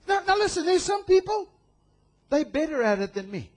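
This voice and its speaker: A man from South Africa preaching a sermon, reading scripture slowly and shifting between quiet asides and loud, passionate proclamations. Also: extremely high pitch, sing-song. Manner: draws out scripture quotes slowly. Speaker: pastor.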